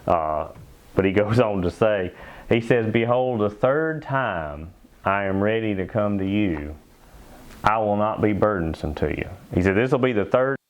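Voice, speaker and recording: A man preaching a sermon as pastor in a church, emphatic, slowing down to stress key phrases. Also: lowish voice, expressive, highs cut off. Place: church sanctuary.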